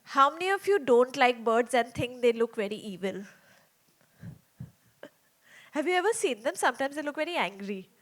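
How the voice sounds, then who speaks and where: A woman's voice: high voice, expressive, moderate pace, long pauses. A woman telling a story to young children in a small theater, chatty and asking them lots of questions.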